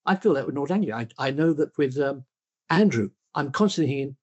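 Older guy, husky voice, thoughtful and self-deprecating, lots of restarts. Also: mid-range voice, animated, a little fast, a little mellow. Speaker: interview guest. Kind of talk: reflective conversational storytelling.

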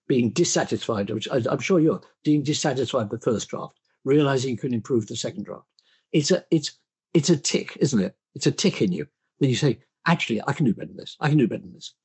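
An older man with a husky, slightly breathy voice speaks as a guest in a conversation. He tells his stories thoughtfully and often stops to restart a sentence. His self-deprecating asides keep the tone modest. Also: mid-range voice, a little mellow. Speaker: interview guest. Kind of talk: reflective conversational storytelling.

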